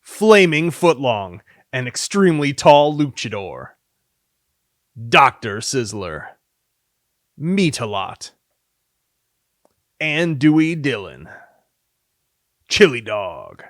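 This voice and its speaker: A man's voice: mid-range voice, big pitch swings, takes it slowly, pauses often, no echo, studio quality. A man reading a long list of silly names for his game devlog, playfully and with theatrical flair. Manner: reads names with theatrical swings, sometimes mock-dramatic.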